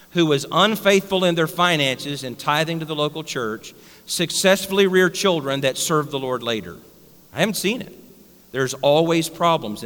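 A man's voice: on the high side, a bit bright, big-room sound. A male pastor preaching a blunt, emphatic sermon straight at his congregation in a church. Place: church sanctuary.

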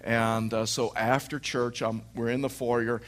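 A man preaching a sermon, telling a lively personal story and acting out his wife's lines. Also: mid-range voice, a little slow.

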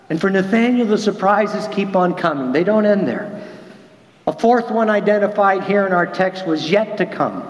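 A man preaching a sermon, acting out the quoted lines with lively swings in his voice. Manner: animated, acts out quoted lines with big pitch jumps. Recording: echoey hall.

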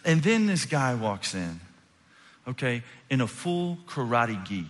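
A man, a pastor, preaching a sermon and telling stories with humor, his delivery swinging between loud and soft. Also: mid-range voice, very animated, slow pace, background noise. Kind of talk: sermon with personal storytelling. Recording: long hall reverb from a large room.

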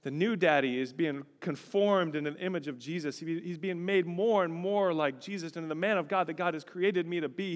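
A man's voice: fairly high pitch, moderate pace, few pauses. A male pastor preaching a sermon, telling a personal story with expression and building to a fervent exhortation. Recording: long reverb, large hall.

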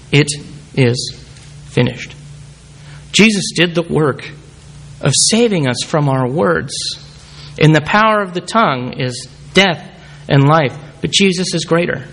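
A man's voice: on the high side, vocal fry, a bit bright. A man preaching a sermon, reading scripture aloud and calling the congregation forward. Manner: calls the congregation forward at the close.

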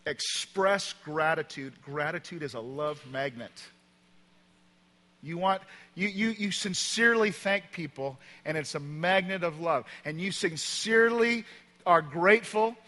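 Male pastor, sermon, fairly high and bright voice, emphatic storytelling, long church reverb. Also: measured pace. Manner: emphatic storytelling, swings from loud to quiet. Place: church auditorium.

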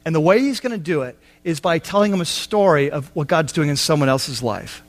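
A man's voice: fairly high pitch, animated, brisk. A man preaching a sermon on a Bible passage, talking conversationally with asides and acted-out quotes. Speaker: pastor.

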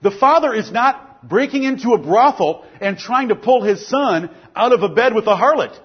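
Preacher, male, high husky voice, fervent and emphatic, sermon delivery. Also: expressive, normal speed, dull audio.

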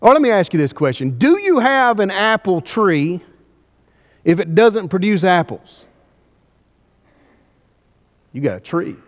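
A man preaching a sermon, pressing the congregation with repeated questions and slowing down for emphasis. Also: high-pitched, sing-song. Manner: emphatic, questioning the congregation, varying pace widely. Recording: long hall reverb.

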